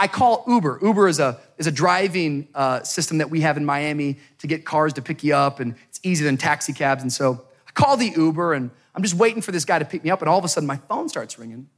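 A man delivers a sermon in a church sanctuary. His voice sits high and moves restlessly up and down. He shifts between laid-back, joking storytelling and loud, fervent preaching. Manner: animated, jokey, building to loud preaching. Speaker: pastor. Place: church sanctuary before a congregation.

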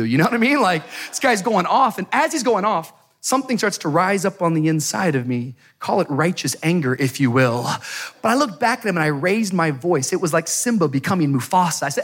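A man delivers a sermon in a church sanctuary. His voice sits high and moves restlessly up and down. He shifts between laid-back, joking storytelling and loud, fervent preaching. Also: fast talker. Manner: animated, jokey, building to loud preaching. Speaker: pastor. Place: church sanctuary before a congregation.

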